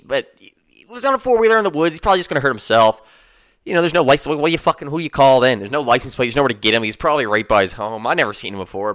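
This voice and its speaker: A man's voice: medium pitch, pushed and bright. A young man, hosting a podcast and telling a story in casual, swaggering, profane chat. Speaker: podcast host.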